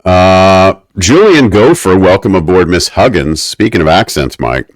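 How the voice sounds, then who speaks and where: A man with a very low voice recaps a TV episode on a podcast, slipping into mock-academic rants. The sound is dry and close, with no room around it. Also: animated, measured pace, no echo. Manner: wry, mock-academic ranting. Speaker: podcast co-host. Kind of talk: casual podcast recap chat.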